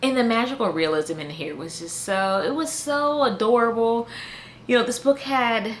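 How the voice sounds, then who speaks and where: A woman's voice: on the high side, normal speed, a little hiss or hum. A woman giving a casual book review in a chatty way, full of fillers like "um" and "you know" and frequent restarts.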